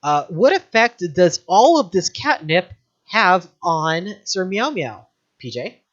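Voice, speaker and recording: A woman narrating a tabletop game as game master, easygoing and quick to laugh at the material. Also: on the low side, very animated, dull audio. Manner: easygoing, laughs at the material, asks players questions.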